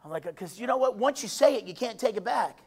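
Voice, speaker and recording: A man preaching a sermon emphatically, repeating his phrases and swinging between shouts and quiet asides. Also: high voice, animated, fast.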